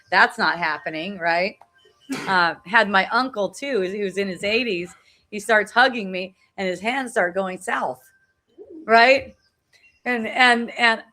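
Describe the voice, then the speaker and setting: A woman's voice: medium pitch, sharp tone. A middle-aged woman sharing personal reflections in a casual, earnest way, often repeating herself and adding "right?" to her sentences, on a phone live video outdoors. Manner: earnest, repeats phrases, frequent tag "right?". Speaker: spiritual talk host. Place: outdoors at a beach.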